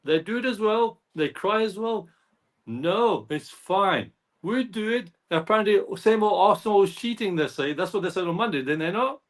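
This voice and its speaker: A man with a notably high voice talks football in a loose, rambling way. He circles back over his points, repeats phrases and slips into imitations of others. It sounds like casual fan chat over a call. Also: expressive, normal speed. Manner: rambling, repeats himself, mimics others' speech. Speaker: fan channel co-host.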